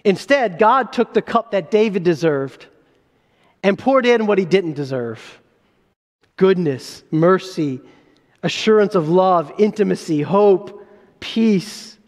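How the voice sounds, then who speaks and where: A man's voice: sits high, expressive, slow, a little mellow, big-room sound. A man preaching a sermon as a pastor, earnest, with rising emphasis and frequent restarts.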